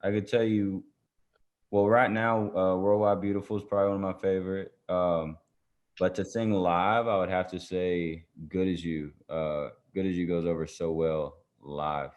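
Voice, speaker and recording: A man with a very low voice talks in an unhurried, halting way, full of ums and restarts. He answers fan questions over a video call, and the sound is somewhat muffled. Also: fairly even intonation. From Chattanooga, Tennessee. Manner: soft-spoken, halting, with many fillers and restarts. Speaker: guest musician. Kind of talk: casual interview answers.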